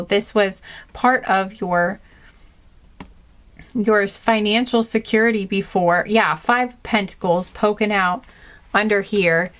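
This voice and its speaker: A young woman giving a casual tarot reading, talking in an animated, indignant way, rambling with many restarts and filler words. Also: mid-range voice. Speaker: tarot reader.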